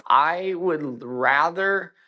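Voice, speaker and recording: A man recounts his story in casual chat over an audio call, taking his time with each phrase. His voice sits fairly high and has a bright edge, and his delivery is profane and emphatic, full of restarts. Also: slow. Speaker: guest. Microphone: own mic on a social audio call.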